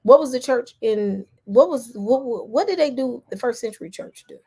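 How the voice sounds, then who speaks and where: Emphatic, fairly high-voiced woman vlogger. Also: lively intonation, moderate pace, background noise. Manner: emphatic and repetitive, with frequent restarts; addresses the viewers directly. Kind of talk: casual commentary.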